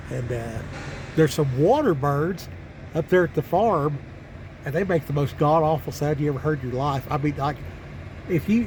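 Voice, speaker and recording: A man's voice: on the high side, a little mellow, a little hiss or hum. A man telling rambling, folksy stories in a drawling country way, full of fillers and restarts, for his vlog from a truck cab parked up on a mountain pass. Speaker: truck driver vlogger. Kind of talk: casual storytelling vlog.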